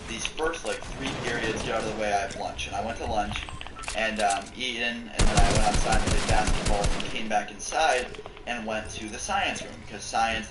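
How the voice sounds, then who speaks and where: A young man telling a story in a casual storytime vlog, rambling and swearing freely. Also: lowish voice. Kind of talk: casual storytime with game play. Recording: echoey room, distant mic, loud clicking noise. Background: loud clicks.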